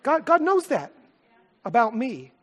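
A man preaching a sermon, telling a personal story in an earnest, heartfelt way and often dropping to a soft, quiet voice. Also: extremely high pitch, wildly swooping pitch, a little slow. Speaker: pastor.

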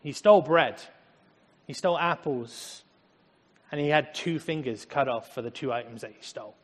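A man's voice: medium pitch, moderate pace, breathy edge. A man preaching a conversational sermon, mixing scripture with personal anecdotes and casual asides. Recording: long hall reverb.

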